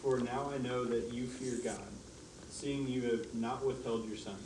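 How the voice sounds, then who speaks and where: A man speaks from out in the room, away from the microphone, so his voice sounds echoey and distant. Clear background noise surrounds him. He talks softly and a little hesitantly, at a middle pitch. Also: fairly even intonation, unhurried.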